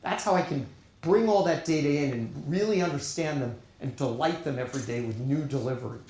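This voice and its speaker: A middle-aged man with a New York accent delivers a conference keynote, his voice sitting on the higher side. He speaks earnestly, leaning on words and pausing between phrases. The sound is heavily echoey, with the reverb of a big hall. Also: darkish tone. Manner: earnest, emphatic, with deliberate pauses.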